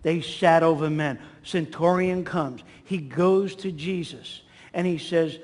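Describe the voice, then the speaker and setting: Animated preacher man, echoing hall. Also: a little slow, few pauses. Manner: animated, acts out quotes with swings in pitch and volume. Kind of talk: sermon. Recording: long hall reverb.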